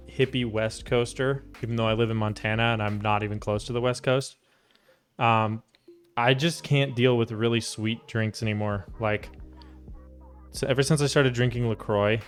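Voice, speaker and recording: A man's voice: medium pitch, smooth. Chatty American man streaming a build. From United States. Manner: relaxed, chatty, reads and answers chat. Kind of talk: casual livestream chat while building a keyboard.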